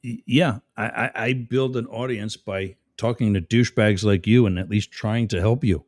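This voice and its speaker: A man's voice: lowish voice, fairly even intonation, normal speed, darkish tone, no echo, clean studio sound. A man hosting a live stream, reading chat comments aloud and mocking the commenters sarcastically. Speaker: livestream host.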